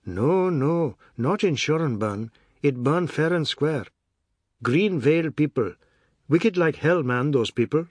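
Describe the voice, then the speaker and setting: A man's voice: a little high, lively intonation, takes it slowly, husky, dry recording, studio quality, voice pushed up, exaggerated voice. A man voicing a blunt, matter-of-fact male family elder.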